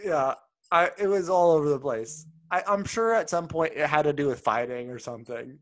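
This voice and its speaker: A man co-hosting a casual podcast, chatting about old TV spots. He laughs often and slips into silly voices whenever he quotes someone, and his voice sits a little higher than most men's. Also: moderate pace. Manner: laughs often while retelling scenes; acts out quoted lines in goofy voices. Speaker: podcast co-host. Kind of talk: casual chat reviewing old TV ads.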